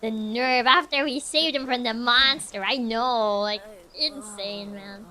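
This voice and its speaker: Woman streamer, casual game commentary, bright tense tone, talks her thoughts out loud. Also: fairly high pitch, measured pace. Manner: chatty, thinking aloud, frequent giggles. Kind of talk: casual let's-play commentary.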